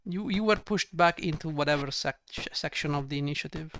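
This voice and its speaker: A man's voice: on the high side, a little fast, fairly bright tone, a little hiss or hum. A man giving ranting gameplay commentary, exasperated and sarcastic, swearing often. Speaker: let's play gamer.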